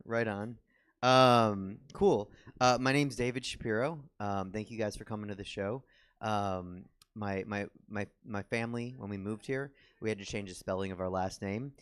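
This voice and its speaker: A man's voice: lowish voice, fairly even intonation, normal speed, a bit bright, clear, resonant tone. A young man doing a stand-up comedy set on a theater stage, rambling and self-deprecating with lots of ums and restarts.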